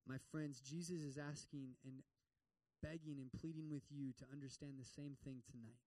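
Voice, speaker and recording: A man's voice: medium pitch, steady tone, moderate pace, mellow, no echo, distant mic, rough recording. A man preaching a sermon in a church, telling a story and acting out the voices of its people. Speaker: pastor.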